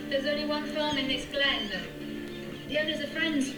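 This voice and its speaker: A woman playing a calm, matter-of-fact local woman with a high voice. The voice sits far off in an echoey space, with film music running under it. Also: moderate pace, lightly acted. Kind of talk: film dialogue. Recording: distant, echoey film audio with score.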